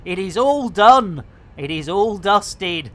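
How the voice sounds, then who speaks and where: A man's voice: high voice, expressive, takes it slowly. A man giving playful, theatrical commentary on a live game stream. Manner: jokey, theatrical, lots of pet phrases.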